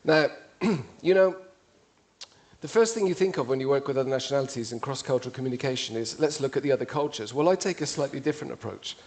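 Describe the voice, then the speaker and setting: A man's voice: medium pitch, lively intonation, fast talker, darkish tone. A man with an English accent giving a witty, conversational public talk to an audience. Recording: played from a video.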